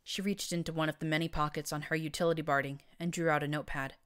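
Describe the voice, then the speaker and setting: A woman narrating fiction in first person, reading with a wry, even delivery. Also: sits low, fast, clean tone. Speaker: audiobook narrator.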